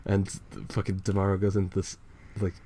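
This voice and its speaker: Laid-back low-voiced man co-hosting. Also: breathy edge. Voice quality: laid-back, laughing, swears freely. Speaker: podcast co-host. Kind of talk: casual chat.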